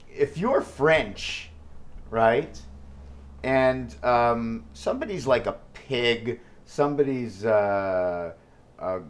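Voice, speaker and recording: A man talking alone to the camera in a rambling vlog, thinking aloud and hopping between numbers, wordplay and questions to himself. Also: medium pitch. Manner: free-associating, jumps between numbers and wordplay; thinks aloud with many fillers and self-questions. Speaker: vlogger. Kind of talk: rambling solo vlog monologue.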